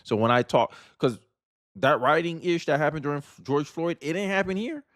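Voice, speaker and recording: A man's voice: fairly high pitch, lively intonation, normal speed, a bit bright, no echo, clean studio sound. A man from Florida hosting casual political commentary, talking emphatically with slang and frequent restarts.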